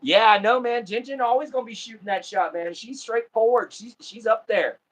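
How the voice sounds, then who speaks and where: A man's voice: high voice, normal speed, poor audio. An American man hosting a casual livestream, chatting and laughing often as he greets viewers. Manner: laughs often, friendly sign-offs. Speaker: livestream host.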